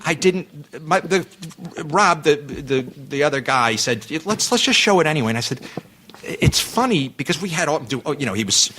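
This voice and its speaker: A man's voice: a little high, lively intonation, normal speed, sharp tone, husky. A man chatting as a podcast guest, telling a rambling anecdote full of restarts and self-interruptions.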